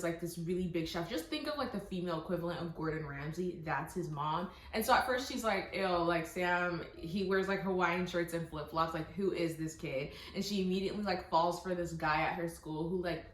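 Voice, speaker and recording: A young woman vlogger reviewing books in casual, excited chat, full of fillers and quoted asides. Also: mid-range voice. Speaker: book vlogger. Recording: echoey room, faint music.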